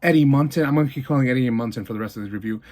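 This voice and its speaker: A man giving a casual movie review, retelling the plot in an animated way with lots of fillers and quick asides. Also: mid-range voice.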